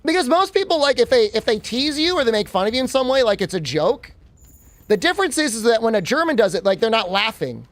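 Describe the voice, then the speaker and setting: A man streams a game and rambles casually, joking with his chat while he plays. His voice is very high and sing-song, and he talks fast.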